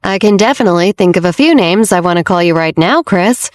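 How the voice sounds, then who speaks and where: A wary, sharp-tongued young woman speaks with a wry edge, as a woman narrator voices her. The audiobook reading is dry and close, with no room sound. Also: lowish voice, lively intonation, fairly quick, dry recording, close to an everyday voice.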